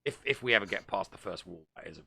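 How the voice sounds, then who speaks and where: A man co-hosting a podcast who stammers on repeated words and trails off softly. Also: lowish voice, lively intonation, fast talker, vocal fry, husky, dry recording, studio quality. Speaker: podcast co-host. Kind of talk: casual chat.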